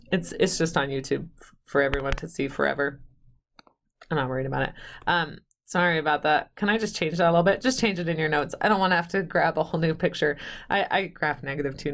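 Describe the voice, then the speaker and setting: A woman with a slightly low voice teaching math on video. She chats straight to her students and pokes fun at herself. Now and then she counts quietly under her breath while she sketches at the board. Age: adult, married with children. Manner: chatty, self-deprecating, talks straight to the students; counts aloud softly while drawing. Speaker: math instructor. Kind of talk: recorded video math lecture.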